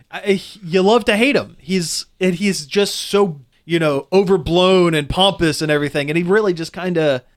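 A man's voice: sits high, moderate pace. A man in casual chat reviewing a film, rambling with restarts and fillers as he goes. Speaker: movie reviewer.

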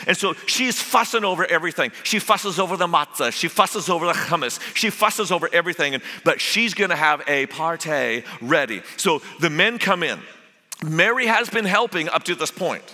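Bright-voiced man preaching with humor. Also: a little high, expressive, moderate pace. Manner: humorous storytelling. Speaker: guest preacher. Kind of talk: sermon. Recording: echoey hall.

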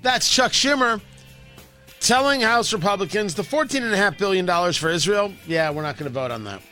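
A man's voice: high-pitched, animated, a little fast, bright, forceful tone, soft background music. A man hosting a political talk radio show, delivering a sarcastic, combative monologue into a studio microphone.

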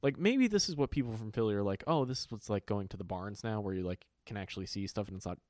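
A man co-hosting a casual podcast chat, profane and animated, slipping into quoted voices. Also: fairly low pitch, quick pace, no echo, studio quality. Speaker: podcast co-host.

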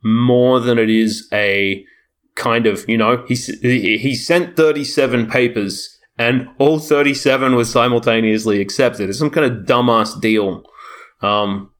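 A man's voice: mid-range voice, steady tone, a little slow. A man co-hosting a casual chat, rambling and sardonic, swearing freely.

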